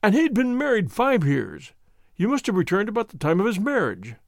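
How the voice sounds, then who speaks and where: A man reads as a stern police inspector, pitched noticeably higher than the narration and pressing each question with formal insistence. The voice rises and falls with lively emphasis, and the recording is close and dry, with no room sound. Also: moderate pace, creaky, no room sound, heavily acted. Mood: probing. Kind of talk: audiobook reading.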